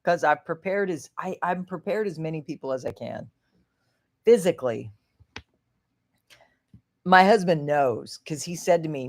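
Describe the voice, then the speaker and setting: A woman hosting a casual livestream, a little tipsy, rambling, laughing often and swinging from hushed to loud and excited. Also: sits low, moderate pace, pauses often. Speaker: livestream host.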